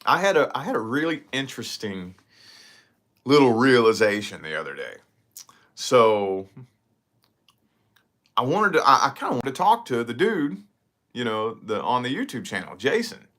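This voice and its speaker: A man's voice: medium pitch, normal speed, pauses often. A man chatting casually to camera in his vlog, rambling and profane as he tells stories. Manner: rambling, profane, animated storytelling. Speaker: vlogger.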